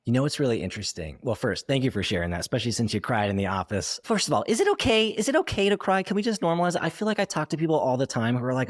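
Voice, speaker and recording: Fast-talking man hosting an interview. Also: mid-range voice, big pitch swings, dry recording, clean studio sound. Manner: quick, eager questioning, conversational. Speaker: podcast host and coach. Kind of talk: interview conversation.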